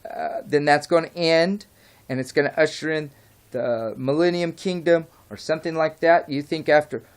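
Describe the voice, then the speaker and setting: A man's voice: fairly high pitch, normal speed. Rambling, heated man ranting on camera. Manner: rambling, heated, goes off track; swears and apologizes. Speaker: vlogger. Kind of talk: unscripted opinion rant.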